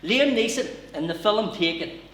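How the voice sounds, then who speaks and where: A man's voice: high voice, animated, moderate pace, fairly bright tone, reverberant, recorded from a distance, slight background noise, poor audio. A man with a Northern Irish accent doing a brash, sweary stand-up comedy routine at a live venue.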